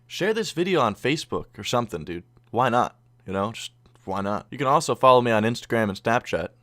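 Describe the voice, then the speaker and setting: A young man telling a story casually over gameplay footage, swearing freely and animated as he retells it. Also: medium pitch, a little fast. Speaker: YouTuber.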